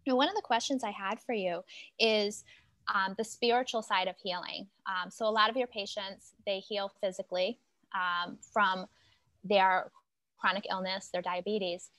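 A woman host asking thoughtful, measured interview questions with some fillers. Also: medium pitch, fairly even intonation, fairly bright tone, no room sound. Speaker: podcast host.

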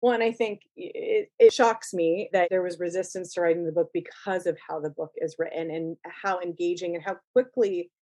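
A woman's voice: lowish voice, steady tone, normal speed, hardly any pauses, dark tone, no echo. A woman hosts a casual interview and asks her questions with chatty enthusiasm. Her voice is recorded close and dry, with no room sound. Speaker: podcast host.

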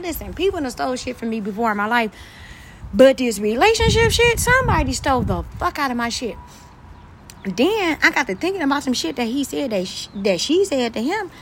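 Woman, vlogger, slightly high voice, angry profane rant, repetitive, loud-to-quiet swings. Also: a little hiss or hum. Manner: heavy swearing, repeats phrases, sudden swings between loud and quiet.

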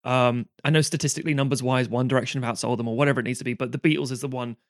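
A man's voice: mid-range voice, steady tone, rapid-fire, dry recording, studio quality. An English man co-hosting a casual film chat, ranting in a sardonic, sweary way. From England. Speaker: podcast co-host. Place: Norwich.

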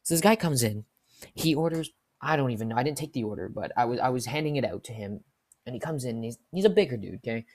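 A young man who works in fast food, telling an exasperated, slangy story in a casual vlog. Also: mid-range voice, expressive.

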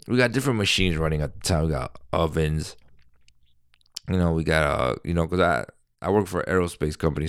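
A man in his thirties with a deep voice, talking in a casual, rambling monologue full of fillers and restarts. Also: clear, resonant tone, dry recording, clean studio sound. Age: 30s. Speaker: vlogger.

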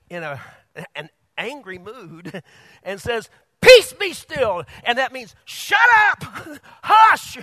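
A male pastor preaching a sermon, animated, laughing often and bursting loud on quoted lines. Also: sits high, no room sound.

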